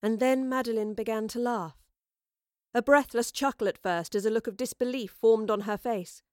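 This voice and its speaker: A woman narrating an audiobook in a measured, expressive reading. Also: on the high side, no echo, studio quality.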